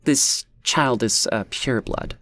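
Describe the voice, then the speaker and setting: A man's voice: mid-range voice, moderate pace, darkish tone, dry recording, lightly acted. A man voicing a smug, guarded pregnant woman with a curt manner, as an audiobook character.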